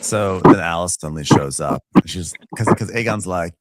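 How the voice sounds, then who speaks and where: A man co-hosting a casual podcast, recapping an episode and acting out the characters' lines with big jumps in pitch. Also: normal speed, hardly any pauses, dry recording, poor audio. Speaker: podcast co-host.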